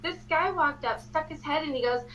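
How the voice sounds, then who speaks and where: A woman from the American Midwest telling a story in animated, casual chat. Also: high voice, brisk, dull audio. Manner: animated storyteller, laughs easily. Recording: noticeable hum behind voice.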